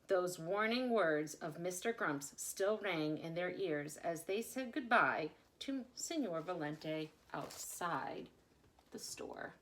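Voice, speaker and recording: A woman reading a children's picture book aloud with expressive, dramatic delivery. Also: on the low side, slow. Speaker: storyteller.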